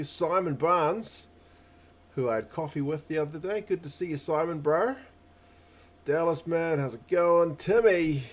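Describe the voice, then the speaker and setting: A man's voice: fairly high pitch, darkish tone. Chatty New man hosting a stream. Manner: greets viewers by name, chatty and upbeat. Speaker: livestream host. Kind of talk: casual livestream chat.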